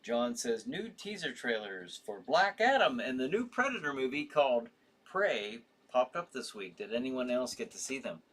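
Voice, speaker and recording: Tired male livestream host, rambling and halting, lively bright voice. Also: mid-range voice. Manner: rambling, halting, with frequent restarts and yawns. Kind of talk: casual live-stream chat reading viewer comments.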